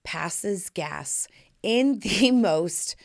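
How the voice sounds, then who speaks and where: A woman's voice: mid-range voice, drawn-out words, creaky. A middle-aged woman hosting a podcast, telling stories in brassy, playful casual chat. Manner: animated, brassy storytelling with playful asides. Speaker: podcast host.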